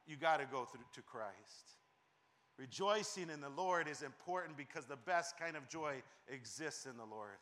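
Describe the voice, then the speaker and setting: A man's voice: fairly high pitch, animated, moderate pace, fairly bright tone. A man preaching a sermon as pastor, emphatic and repetitive, often restarting his phrases.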